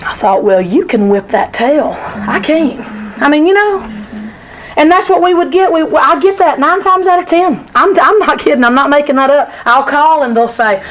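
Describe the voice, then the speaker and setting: A woman's voice: high-pitched, moderate pace, fairly bright tone, slight background noise, low-quality recording. A woman teaching a women's Sunday school class in a church, emphatic and repetitive in her delivery. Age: adult, former sixth-grade teacher.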